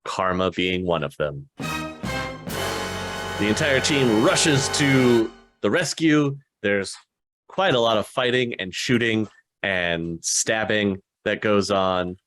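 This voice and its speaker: A man narrating as game master of a tabletop role-playing game, relaxed and unhurried with frequent fillers. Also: on the low side, music in the background.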